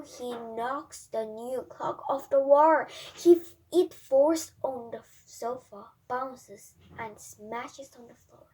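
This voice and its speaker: Storybook narrator: woman, high voice, careful read-aloud with slight slips. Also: darkish tone, slightly rough. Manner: careful reading with small slips. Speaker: storybook reader. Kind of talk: reading a children's storybook aloud.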